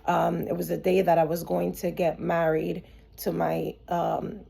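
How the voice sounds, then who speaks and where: A woman's voice: lowish voice, little pitch movement, unhurried, gravelly, mellow, slightly rough. A woman hosting a podcast, telling her own story candidly in a chatty way, full of "like" fillers and restarts. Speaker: podcast host.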